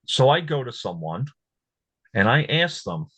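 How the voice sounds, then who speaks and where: A man hosting his own show, talking casually, repeating words and growing animated when he tells what he said. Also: mid-range voice, measured pace, slightly rough, no echo, dull audio. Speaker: host. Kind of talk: casual commentary.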